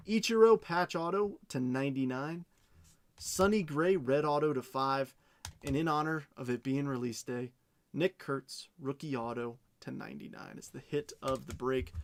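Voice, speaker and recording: A man hosting a live card-breaking stream, reading off pulls quickly and chatting with his viewers. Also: a little high. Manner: rapid rundown of cards, chatting with viewers.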